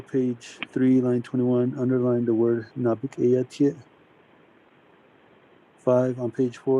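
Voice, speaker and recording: A man reading a long list of technical amendments into the record for a council, steady and methodical. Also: medium pitch, highs cut off.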